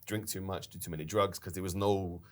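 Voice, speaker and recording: A man with a very low voice recounts a story in a relaxed business chat. He tells it with animation and laughs now and then as he co-hosts. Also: brisk. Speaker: company founder and podcast co-host.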